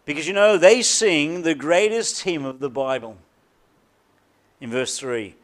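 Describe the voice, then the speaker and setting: A man with a high voice preaches a sermon from the pulpit. He leans hard on repeated words and lets key phrases sink to a near hush before rising again. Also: animated. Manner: emphatic preaching with deliberate repetition and dramatic drops in volume. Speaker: pastor.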